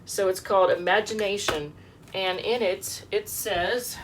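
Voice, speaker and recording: A woman's voice: medium pitch, steady tone, a little slow, far from the mic, noisy background. A sick, short-of-breath woman giving a rambling, chatty tarot reading at home, reading the card meanings aloud. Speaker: tarot reader.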